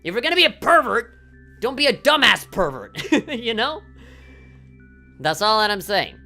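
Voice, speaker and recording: A woman's voice: on the high side, sing-song, normal speed, pushed and bright, faint music behind. A woman game streamer ranting on a livestream, swearing often and heated, with lots of fillers.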